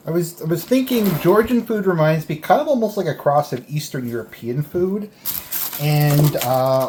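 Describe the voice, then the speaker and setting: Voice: mid-range voice, noisy background. Rambling food vlogger in an echoey room. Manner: rambling, thinking aloud between bites. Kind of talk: casual food-tasting vlog. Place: indoors at home, eating a delivered meal. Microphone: camera on a tripod.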